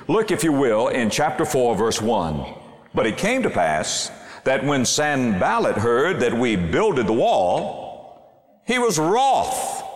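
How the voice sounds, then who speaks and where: A pastor preaching a sermon with emphasis, reading scripture slowly and stretching his words. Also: a little high. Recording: echoey hall with long reverb.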